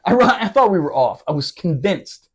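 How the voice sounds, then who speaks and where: A former Marine with a high, sing-song, breathy voice tells a rowdy, profane story from his Marine days on a podcast, speaking at a normal speed. The storytelling is casual, and he laughs as he goes.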